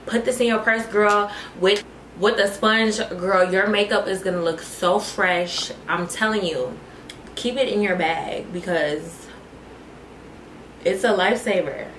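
A woman's voice: mid-range voice, unhurried, a bit bright. A young woman vlogger casually talking viewers through her makeup routine, calling them y'all and girl. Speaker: beauty vlogger. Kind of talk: casual makeup tutorial chat. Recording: echoey room, faint noise.

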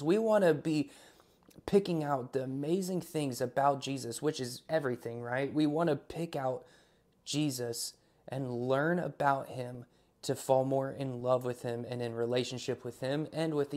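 A man's voice: mid-range voice, darkish tone. A man preaching an online sermon in a casual, conversational way, opening with a spoken prayer. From Alaska. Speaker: pastor.

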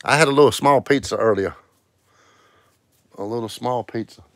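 A man's voice: mid-range voice, normal speed, fairly bright tone, dry recording. A man hosting a casual live stream, greeting viewers one by one in a sing-song way and calling out scratch-ticket numbers. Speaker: livestream host.

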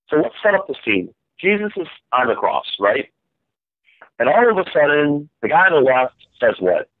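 A man leads a call-in Bible study, quizzing listeners and nudging them toward answers. His voice is a little high and very animated at a moderate pace, and the recording is dry, dull, and lo-fi.

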